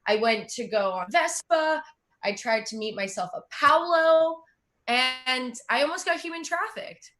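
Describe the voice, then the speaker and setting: A high, bright young woman from Russia who does not sound Russian, hosting and doing stand-up. She talks in a chatty, self-mocking way and laughs along with her own jokes. Her voice rings clear. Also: measured pace. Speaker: stand-up comedian and host. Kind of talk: stand-up comedy.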